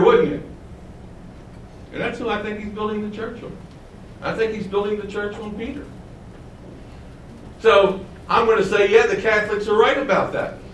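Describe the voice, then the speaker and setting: A man's voice: high voice, fairly bright tone, reverberant, distant mic, slight background noise, poor audio. A man preaching a sermon, teaching with rhetorical questions and asking his congregation to follow along. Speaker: pastor.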